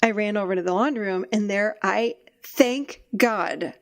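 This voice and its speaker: A middle-aged woman hosting a podcast, telling stories in a lively way and laughing often, in a casual conversation. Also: medium pitch, measured pace. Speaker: podcast host and therapist.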